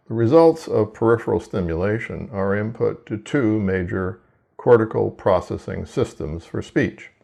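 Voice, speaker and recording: Man, deep voice, gravelly, measured explanatory lecture, research talk. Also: darkish tone. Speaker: hearing researcher. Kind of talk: scripted lecture narration.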